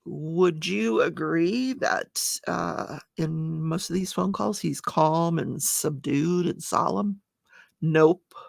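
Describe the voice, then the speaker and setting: A woman talks through a trial recap in a casual, chatty way, reading quoted lines and adding her own asides. Her voice carries a heavy gravelly fry. The sound is close and dry, with no room around it. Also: low voice, slow, no room sound. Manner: chatty, reads testimony in plain voice with asides. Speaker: true crime channel host.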